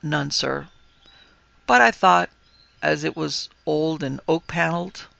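A man's voice: a little high, slow, gravelly, sharp tone, no echo, muffled recording, heavily acted. A man voicing a timid, awkward young male ghost who speaks meekly and apologetically. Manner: meek, apologetic, subdued.

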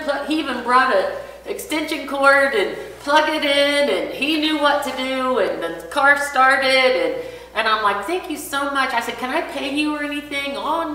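A woman with a bright, fairly high voice tells a personal story to her church class, acting out each line of dialogue. She sounds distant from the microphone, and the room around her rings with long reverb.

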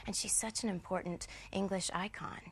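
A woman's voice: mid-range voice, steady tone, normal speed, vocal fry, slightly rough. A woman actress chatting as a guest on a morning television sofa, bubbly and self-deprecating, laughing often.

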